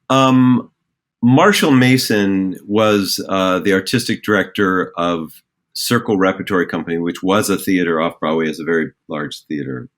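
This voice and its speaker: Man, very low voice, middle-aged, theater director, reflective, hesitant, conversational. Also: a bit bright. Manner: reflective, many fillers and restarts, acts out joke voices. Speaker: theater director and acting coach. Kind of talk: conversational podcast explanation.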